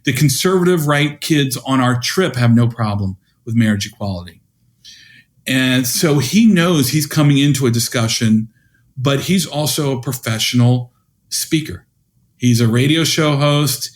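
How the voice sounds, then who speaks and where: A man's voice: medium pitch, a little slow. Man in his fifties telling stories. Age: 50s. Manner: acts out quoted dialogue in his stories. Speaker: guest educator. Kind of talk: conversational storytelling.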